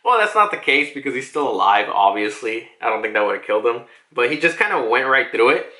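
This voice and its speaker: A man's voice: medium pitch, very animated, a little fast, bright, forceful tone. A man giving a casual, rambling manga chapter review, swearing often and packing in fillers. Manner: rambling, profane, heavy on fillers like "like". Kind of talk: casual commentary. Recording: echoey room.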